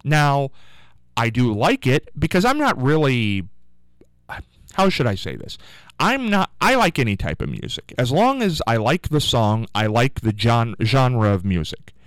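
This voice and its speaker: A male radio host spins a long, self-deprecating story in a chatty, rambling way, his pitch swinging widely from line to line. His voice is smooth and resonant. It sounds dry and close, straight off a studio microphone. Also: no echo. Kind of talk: casual on-air storytelling.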